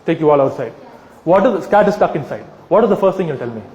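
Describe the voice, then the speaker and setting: A man's voice: fairly high pitch, expressive, fast, darkish tone, reverberant, long reverb tail, dull audio, slight background noise. A man addressing a live audience, arguing with rhetorical questions and acted-out scenarios, sometimes mocking voices. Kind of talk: animated persuasive talk with acted-out scenarios.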